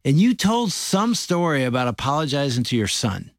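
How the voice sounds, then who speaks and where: A man's voice: mid-range voice, big pitch swings, normal speed, dry recording, studio quality. A man co-hosting a podcast, chatting casually and recalling a past conversation with the guest. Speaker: podcast co-host. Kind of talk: casual interview chat.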